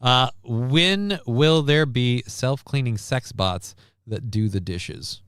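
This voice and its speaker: A man's voice: mid-range voice, slow, fairly bright tone, clean tone, no echo. A man hosting a casual live stream, rambling and wry with crude asides, reading out and thanking viewers. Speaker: stream host.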